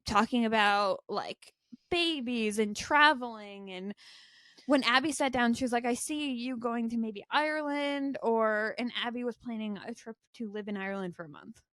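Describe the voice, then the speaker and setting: A woman's voice: a little high, moderate pace, fairly bright tone, dry recording, studio quality. A woman with a Maine accent, co-hosting a podcast, telling stories in a chatty way with giggly asides. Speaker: podcast co-host. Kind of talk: casual chat.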